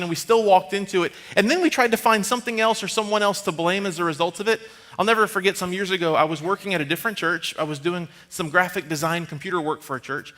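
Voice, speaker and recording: Pastor guy in his 30s telling stories in a sermon, kinda high bright voice, chatty and animated. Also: fast talker. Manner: conversational, animated storytelling, drops to a hushed tone for serious moments. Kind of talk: storytelling sermon. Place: church stage.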